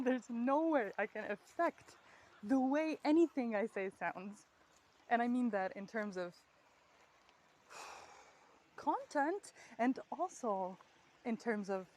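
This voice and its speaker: Woman, mid-pitched, rambling audio diary monologue, frequent swearing and laughter, recorded on a walk outdoors. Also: a little mellow, slight background noise, rough recording. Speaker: vlogger. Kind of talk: candid spoken audio diary.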